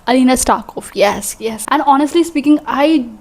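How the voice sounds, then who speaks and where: A woman's voice: sits high, normal speed, vocal fry. Chatty young woman with Indian accent. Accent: Indian English. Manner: chatty, excitable, rambling with fillers and restarts. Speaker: book vlogger. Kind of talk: casual vlog chat.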